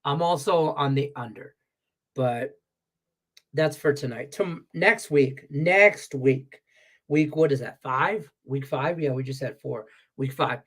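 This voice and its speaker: A man with a mid-range, slightly rough voice speaks slowly in a heated, animated rant laced with profanity. It's a casual sports betting talk show in Las Vegas, and his voice is congested from stuffed sinuses.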